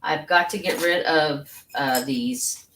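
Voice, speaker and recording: A woman's voice: deep voice, slow pace, a bit bright, slight background noise. A woman hosting an online sale, talking casually and rambling with lots of fillers as she prices each item. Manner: chatty, rambling, with many fillers. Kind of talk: casual live sale patter.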